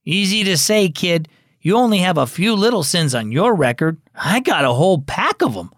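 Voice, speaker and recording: A man's voice: high voice, very animated, moderate pace, a bit bright, no echo, studio quality, pitched above the performer's own voice. A man voicing a weary drunk neighborhood man who slurs and mutters, as the reader of a children's radio story. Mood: doubtful. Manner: slurred, muttering.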